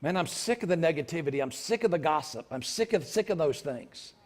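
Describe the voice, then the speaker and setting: A man preaching a sermon in church, repeating lines for emphasis and breaking into loud shouts. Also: on the high side, animated, fairly quick. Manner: preaching with sudden shouted outbursts; repetitive, emphatic delivery. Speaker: pastor. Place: church sanctuary.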